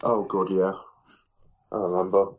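A man's voice: low-pitched, little pitch movement, unhurried, dull audio. A man co-hosting a casual review chat, rambling with many fillers and restarts. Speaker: podcast co-host.

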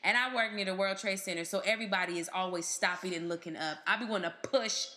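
Woman co-host, bright voice, playful slangy talk. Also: medium pitch, fast talker. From not from New York. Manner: lively, laughing, slangy, playful. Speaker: podcast co-host. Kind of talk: casual chat.

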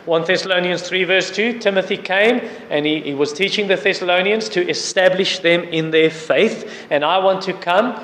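A man preaching a sermon, earnestly urging prayer and fasting and citing scripture as he goes. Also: high-pitched, a bit bright. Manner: earnest, repetitive exhortation with scripture references. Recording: echoey hall with faint background noise.

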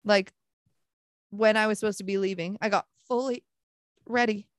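A woman's voice: medium pitch, fairly even intonation, moderate pace, dry recording. A woman co-hosting a podcast, telling a dating story in casual chat and swearing freely. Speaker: podcast co-host.

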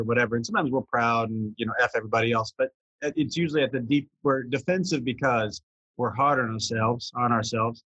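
A man with a Southern US accent, a coach calmly explaining ideas step by step in conversation. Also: medium pitch, brisk, husky, dry recording, muffled recording.

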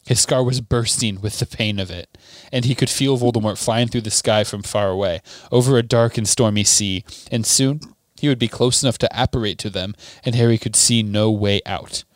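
A man's voice: on the low side, moderate pace, no room sound. A man hosting a book podcast, reading a novel aloud steadily and adding small asides to his co-host.

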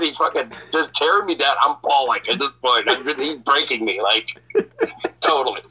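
A man's voice: medium pitch, moderate pace, bright, forceful tone, slightly rough, rough recording. A man telling a personal story casually as a podcast host, swearing often and laughing.

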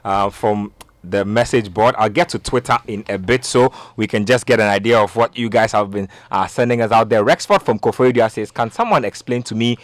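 A man's voice: fairly low pitch, fairly quick, dry recording. A man with a Ghanaian accent hosting a sports talk show, reading listener messages with chuckles. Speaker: radio sports show host.

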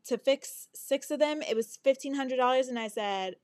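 A woman's voice: high voice, normal speed. A young adult woman hosting a podcast, telling a story in a casual monologue full of swearing and sing-song asides. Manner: animated, swears often, breaks into laughs and sing-song asides. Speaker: podcast host.

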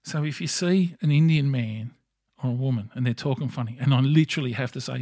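A man's voice: mid-range voice, brisk, few pauses, a little mellow, no echo, studio quality. A middle-aged man with an Australian accent, hosting a podcast and delivering a blunt, profane, opinionated solo monologue. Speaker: podcast host.

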